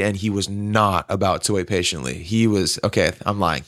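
Crude, teasing man with a low voice. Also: normal speed, few pauses, a bit bright. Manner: crude, teasing, laughs often. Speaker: podcast co-host. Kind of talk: casual podcast banter.

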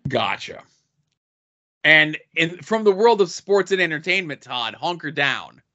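A man's voice: on the high side, animated, unhurried, bright, forceful tone, highs cut off. A man co-hosting a casual podcast, reading off convention guest lists with dry asides. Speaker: podcast co-host.

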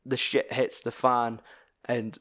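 A man's voice: medium pitch, little pitch movement, takes it slowly, a bit bright. A Scottish man in casual film-discussion chat, swearing freely as he retells scenes with animation.

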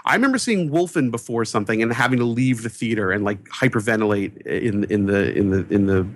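A movie critic from New York telling an animated personal story, excitable and acting out the voices of the people in it. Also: male voice, fairly quick, no room sound. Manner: excitable, acts out quoted voices with big pitch jumps. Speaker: movie critic, podcast guest.

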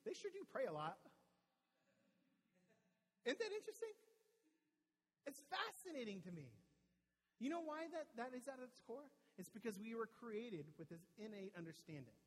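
A man's voice: very high voice, big-room sound, low-quality recording. A man preaching a sermon to a church audience in a casual, conversational way, often asking "right?" and restarting words. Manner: conversational, frequent tag "right?", repeats words when restarting. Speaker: pastor. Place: church hall with a live audience.

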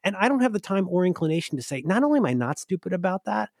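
A man's voice: high-pitched, very animated, very fast, darkish tone, no room sound, clean studio sound. A man guesting on a podcast, talking in a rambling, self-interrupting way with frequent profanity. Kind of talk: casual podcast chat.

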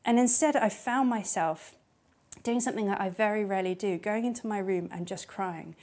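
A woman's voice: mid-range voice, normal speed. Candid woman preaching a sermon. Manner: candid and personal, with soft hushed passages.

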